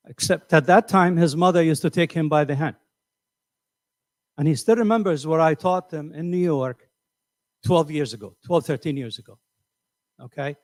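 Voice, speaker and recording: A man's voice: a little high, no room sound. A middle-aged man teaching a class, asking his students questions and often repeating words as he thinks. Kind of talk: classroom lecture.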